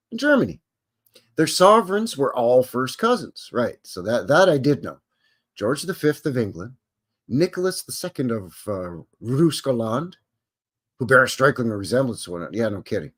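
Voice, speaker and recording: A man hosting a live stream, reading an article aloud and breaking off into casual, rambling asides full of fillers. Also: mid-range voice. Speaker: host. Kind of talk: reading aloud and commenting on a livestream.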